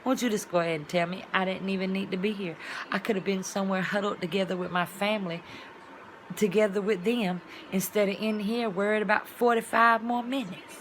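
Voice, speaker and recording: A woman's voice: medium pitch, steady tone, brisk, a little hiss or hum. A woman vlogger talking in a casual, rambling monologue, with colloquial, folksy phrasing and sound-effect words.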